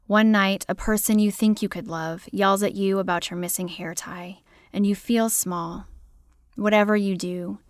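A woman poet reading her own poems aloud in a measured, deliberate way. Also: medium pitch, no room sound, studio quality. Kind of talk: poetry reading.

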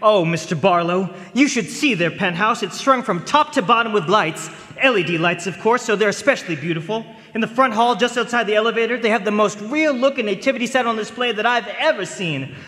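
A man plays a lovestruck young suitor who stammers when flustered. His voice is high and bright, with a roomy reverb. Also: a little fast, few pauses. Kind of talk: radio drama acting.

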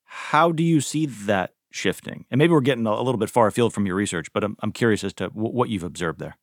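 A man co-hosting a radio show, asking a guest questions with some halting restarts. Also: on the low side, expressive, dry recording, studio quality.

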